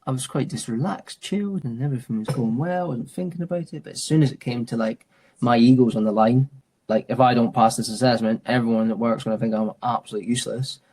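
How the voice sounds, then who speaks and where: Quick and medium-pitched, this man's darkish voice has a breathy edge. He's a mountain and adventure training instructor in his thirties, chatting reflectively in an interview with frequent "mate"s, fillers, and restarts.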